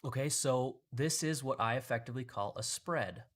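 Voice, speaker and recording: A man's voice: mid-range voice, normal speed, a bit bright. A man hosting a live market analysis, talking through charts in a conversational way with frequent restarts. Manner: conversational, explaining with pointing phrases and restarts. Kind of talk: live trading chart walkthrough.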